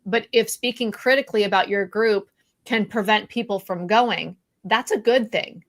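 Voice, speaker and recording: A woman's voice: mid-range voice, normal speed. A woman co-hosting a casual live-stream chat, speaking candidly, laughing often and restarting her sentences. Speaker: podcast co-host.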